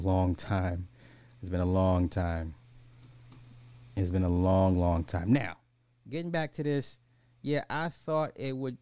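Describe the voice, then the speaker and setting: A man's voice: lowish voice, gravelly, a little mellow, dry recording. A man hosting a podcast, giving blunt, exasperated casual commentary, often restarting his sentences. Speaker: podcast host.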